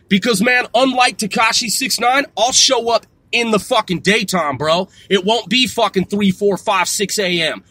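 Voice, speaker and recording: A man's voice: high voice, moderate pace, hardly any pauses, bright, forceful tone, breathy edge, dry recording. A man in his forties ranting to camera, boastful and trash-talking, swearing constantly and tacking "man" onto his lines. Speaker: vlogger. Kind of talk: profane boastful rant to camera.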